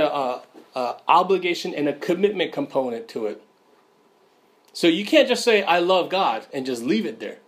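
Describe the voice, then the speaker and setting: Man, informal sermon, slightly high voice, casual, lots of fillers. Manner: casual, many fillers, asks "right?" often.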